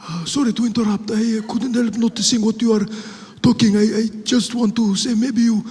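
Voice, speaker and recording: A man's voice: very high-pitched, steady tone, brisk, a little mellow, pitched above the performer's own voice. A man acting out a fussy middle-aged passenger who stammers and apologizes. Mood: tattling. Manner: hesitant, stammering, overly polite. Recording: echoey theater with audience noise.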